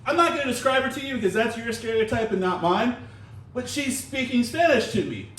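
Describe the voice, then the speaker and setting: A man doing a stand-up set with a wry, self-deprecating delivery and filler pauses, into a handheld mic. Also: very high voice, lively intonation, a bit bright. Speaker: stand-up comedian. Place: small comedy room in a comic shop. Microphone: handheld mic, recorded from the room. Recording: roomy, distant audience recording. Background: audience laughter.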